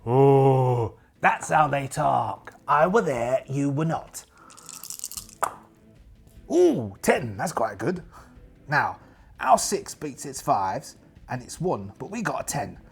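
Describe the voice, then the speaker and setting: A man's voice: medium pitch, very animated, slow, vocal fry, pauses often, husky. A man narrating a solo tabletop game in character, chatty and jokey, talking to himself as he rolls dice. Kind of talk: in-character actual-play narration.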